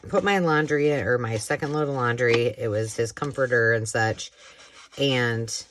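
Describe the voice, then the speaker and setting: A woman's voice: a bass voice, a little slow, a little hiss or hum. A middle-aged woman hosting a home crafting vlog, chatting and telling a rambling story while she works, laughing and acting out the voices of the people in it. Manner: rambling, animated storyteller who laughs often and acts out quoted voices. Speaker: craft channel host.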